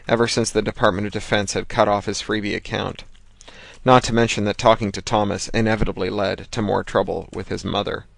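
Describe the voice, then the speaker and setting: Male audiobook reader, wry and measured, low gravelly voice. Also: dry recording. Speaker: audiobook narrator. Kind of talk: scripted narration.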